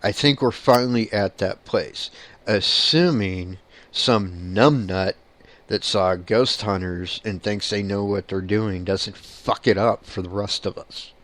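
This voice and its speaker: A man's voice: on the low side, slow, a bit bright. A man who is a paranormal investigator, talking bluntly in a casual monologue and swearing casually.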